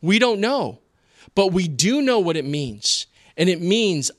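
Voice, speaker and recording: A man preaching a sermon in an expressive, teaching manner with rhetorical questions. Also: high voice, a little slow, dry recording, clean studio sound. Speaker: pastor.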